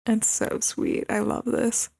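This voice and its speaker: Young woman co-host, mid pitch, fry, dry close mic, easygoing. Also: no echo. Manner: relaxed, agreeable, quick short replies. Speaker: podcast co-host. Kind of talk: casual movie recap chat.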